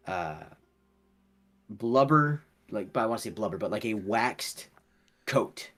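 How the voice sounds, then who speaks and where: A man running a tabletop game, narrating in an unhurried, low voice with a husky edge. He describes scenes at a slow, deliberate pace, sometimes dropping to a hush, with faint music playing behind him. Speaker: game master.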